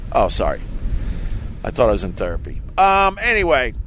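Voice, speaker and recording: A middle-aged man from Long Island, a radio host, rambling casually in a self-mocking way outdoors on a quiet beach, breaking now and then into loud mock rants. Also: medium pitch, wildly swooping pitch, normal speed, slight background noise. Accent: faint Long Island. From Long Island, New York. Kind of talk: casual outdoor vlog monologue.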